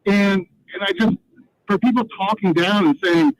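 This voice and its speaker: A man's voice: sits high, moderate pace, poor audio. A man on a sports radio show giving a heated, exasperated opinion with strong emphasis. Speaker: reporter.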